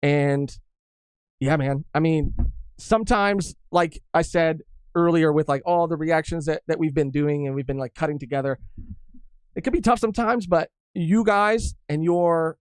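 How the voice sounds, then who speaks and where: A man's voice: a little high, normal speed, clear, resonant tone, no echo. A man co-hosting a podcast in casual chat, rambling with lots of fillers and swearing casually. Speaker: podcast co-host.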